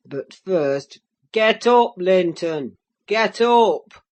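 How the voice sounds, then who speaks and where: A woman voicing a harsh, menacing middle-aged man who scolds his frail son with gruff scorn, in an audiobook reading. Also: very deep voice, fairly even intonation, slow pace, pitched below the performer's own voice. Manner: gruff, scornful, growls then bursts into shouts.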